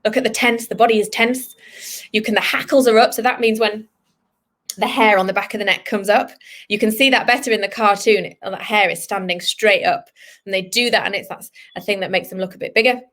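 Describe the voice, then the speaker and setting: A woman vet giving an online lesson to children, lively and encouraging, sometimes voicing what a dog is thinking. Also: medium pitch, fairly quick. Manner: lively, speaks to children, voices the dog's thoughts. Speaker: veterinarian teaching children.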